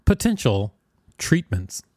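A man co-hosting a podcast reads facts aloud and jokes around in casual chat, his pitch swooping wildly in playful swings. He takes it slowly, with a dark tone and clean studio sound free of echo.

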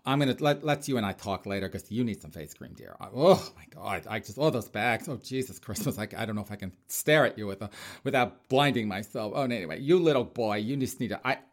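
A man doing a fussy, catty clipboard official. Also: fairly low pitch. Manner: fussy, catty, muttering whispered asides.

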